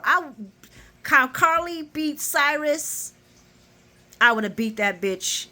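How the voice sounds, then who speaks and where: A woman host doing a casual, animated recap vlog of a soap opera. She curses freely, laughs often, and acts out the characters' lines as she retells scenes. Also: high voice, takes it slowly, pauses often.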